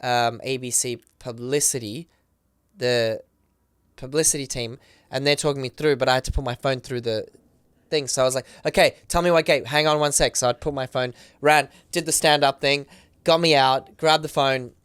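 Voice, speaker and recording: A man on a podcast as a guest, telling a story casually, excitedly and quickly, with lots of "like" and acted-out quotes. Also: mid-range voice, clean tone, no echo. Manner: excited, rapid retelling full of "like" and acted quotes. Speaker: podcast guest, professional dancer.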